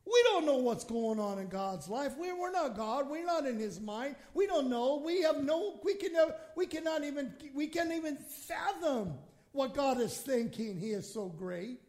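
A man preaching a sermon with a very high-pitched voice. He swings from quiet, drawn-out scripture reading to loud, fervent exclamations, and he acts out prayers as he goes. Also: animated. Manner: impassioned preaching, swings from hushed to shouting; acts out quoted prayers in his own voice. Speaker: pastor.

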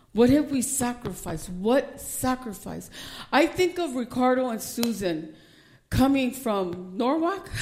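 Impassioned woman pastor preaching. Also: on the high side. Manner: impassioned, rising to near-shouting. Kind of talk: sermon.

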